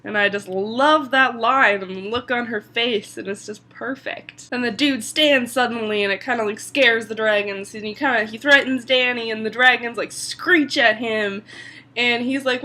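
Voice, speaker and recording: Bright-voiced chatty woman recapping a show. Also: a little high, normal speed. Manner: chatty, animated, lots of "like" and swearing. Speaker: TV episode reviewer. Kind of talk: casual episode recap.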